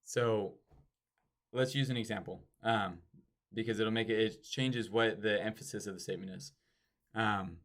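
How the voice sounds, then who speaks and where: A man with a fairly low voice talks through a sales training in a casual, conversational way. He stops often to act out sample door-to-door pitches, showing how pauses, enunciation and pitch change the emphasis. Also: a bit bright.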